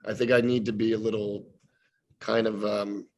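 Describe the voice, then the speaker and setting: A man's voice: lowish voice, little pitch movement, normal speed, a little mellow. A man in his thirties, a guest actor on a casual podcast, talking reflectively with many restarts and hedges.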